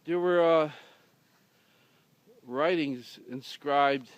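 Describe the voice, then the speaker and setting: Slow, smooth-voiced deadpan storyteller man. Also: fairly high pitch, dry recording. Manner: rambling, many fillers and restarts, dry delivery. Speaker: humorous storyteller. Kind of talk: casual deadpan anecdote telling.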